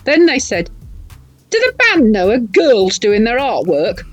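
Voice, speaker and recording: A woman's voice: fairly high pitch, huge pitch swings, a little slow, soft background music, rough recording. An older woman, a guest artist and writer, telling stories in casual, salty chat. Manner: chatty storyteller, swears casually.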